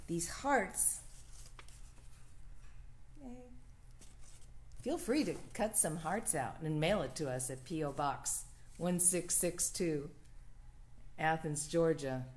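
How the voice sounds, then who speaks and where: A woman minister leading a church livestream offering and prayer in a slow, gentle, prayerful cadence. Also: fairly low pitch.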